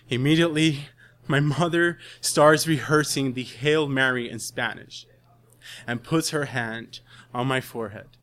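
Give me an earnest young man telling a dramatic story, bright and forceful. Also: mid-range voice, a little slow. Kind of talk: live storytelling.

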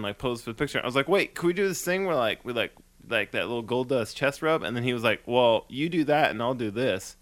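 A man's voice: medium pitch, fairly bright tone. A man co-hosting a podcast, chatting casually in a rambling, jokey way. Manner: rambling, jokey, puts on silly voices. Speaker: podcast co-host. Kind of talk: casual comedic podcast chat.

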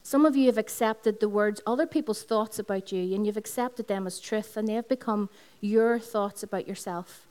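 A woman's voice: mid-range voice, moderate pace, few pauses, a little mellow. A woman pastor with a Northern Irish accent preaches at a Sunday service in a school hall. She tells personal stories, repeats phrases and speaks directly to the congregation. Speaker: lead pastor. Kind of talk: sermon.

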